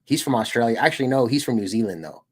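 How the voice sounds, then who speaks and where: A relaxed young man from the United States chatting on his stream. He rambles loosely from story to story, tossing in "dude" and little laughs. His voice sits at a middle pitch for a man. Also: fast talker, breathy edge. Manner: rambling, laid-back, peppered with "dude" and laughs. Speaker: streamer and channel host. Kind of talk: casual livestream chat.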